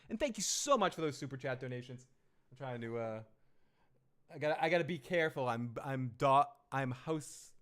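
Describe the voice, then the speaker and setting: A man's voice: medium pitch, a bit bright, smooth. A man hosting a casual live stream, rambling and joking as he reads viewer messages and laughs often. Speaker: live stream host reviewing a TV episode.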